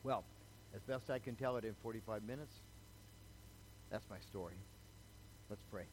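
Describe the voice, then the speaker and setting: With a lowish voice at a normal pace, an older man delivers a sermon woven with personal testimony, chatting with listeners and repeatedly asking "okay?" as he tells his story. Background noise can be heard in the recording.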